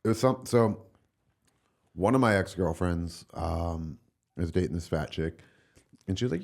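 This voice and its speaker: A man's voice: deep voice, expressive, unhurried, pauses often, a little mellow. A young man from Long Island, a stand-up comedian chatting as a podcast guest in a rambling, laid-back way, full of filler words and swearing. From Long Island, New York. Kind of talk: casual podcast chat.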